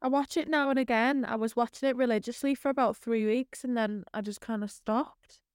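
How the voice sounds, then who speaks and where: A woman's voice: fairly high pitch, steady tone, fairly quick, clean tone, no echo, studio quality. A woman from Britain co-hosting a podcast, chatting in an easygoing way with lots of "like.". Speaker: podcast co-host. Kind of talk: casual chat.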